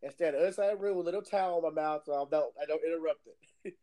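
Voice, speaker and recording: A man's voice: on the high side, very fast. A man telling stories in a casual podcast chat, laughing often. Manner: animated storyteller, laughs a lot. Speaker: podcast guest.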